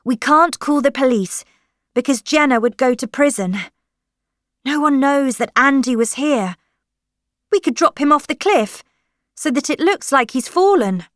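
A woman's voice: high voice, expressive, a little slow, fairly bright tone, dry recording, clean studio sound, voice pushed up. A woman doing an urgent sixteen-year-old girl. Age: teenager.

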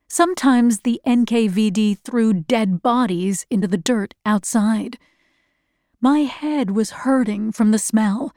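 A woman narrates a first-person storybook in a slow, measured and earnest manner. Her voice sits fairly high. The sound is dry and close, with no room around it. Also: dark tone, no room sound.

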